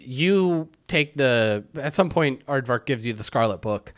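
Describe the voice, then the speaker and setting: A man's voice: mid-range voice, lively intonation, unhurried. A man co-hosting a podcast, casually recapping a game's story and acting out the characters' lines. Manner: retells the story animatedly, acting out quotes. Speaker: podcast co-host. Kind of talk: casual chat recapping a game.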